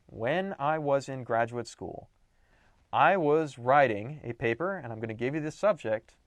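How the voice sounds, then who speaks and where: Man, writing teacher, lecture, lively pitch, emphatic, dry recording. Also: no echo. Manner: animated, emphatic, playful asides.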